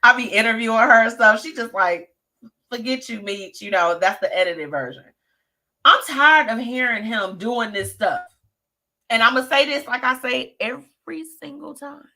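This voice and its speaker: Sassy bright-voiced woman host. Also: fairly high pitch, expressive, moderate pace. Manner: sassy, chatty, talks straight to listeners. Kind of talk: live show gossip commentary.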